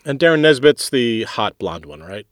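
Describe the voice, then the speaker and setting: A man's voice: mid-range voice, lively intonation, normal speed, dry recording, clean studio sound. A man co-hosting a podcast over a remote call, chatting in an amused, rambling way. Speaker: podcast co-host. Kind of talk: casual chat.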